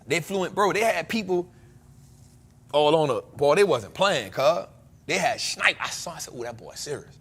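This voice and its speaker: An American man hosting a casual chat, joking and breaking into loud exclamations. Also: fairly high pitch, animated, normal speed, slightly rough. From United States. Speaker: podcast host.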